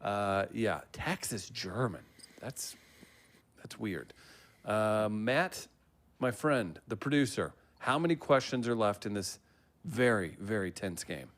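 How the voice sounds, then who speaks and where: A man's voice: lowish voice, expressive, slow pace. A man hosting a trivia night over a livestream, chatty and joking, laughing often. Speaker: trivia host.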